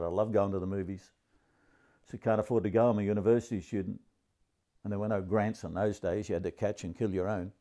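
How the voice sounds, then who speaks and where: A man in his seventies with an Australian accent, telling a crude, grumpy stand-up comedy story in a deadpan way. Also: lowish voice. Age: 70s.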